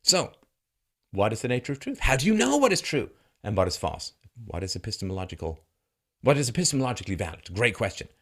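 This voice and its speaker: A man's voice: fairly low pitch, very animated, fast, fairly bright tone. A man delivering a political commentary monologue, mocking and sarcastic, firing off heated rhetorical questions. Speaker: commentary host.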